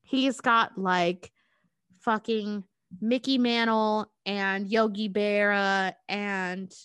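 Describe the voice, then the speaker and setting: A woman co-hosting a podcast, retelling a movie plot in casual, profane, animated storytelling. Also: medium pitch, very slow, clear, resonant tone, no room sound. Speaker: podcast co-host.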